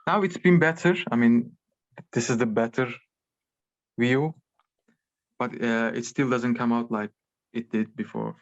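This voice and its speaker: A man in his twenties from Turkey with a Turkish accent, a podcast guest talking casually in a halting way full of fillers. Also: mid-range voice. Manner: hesitant, halting with many fillers. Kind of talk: casual chat. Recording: muffled lo-fi call audio.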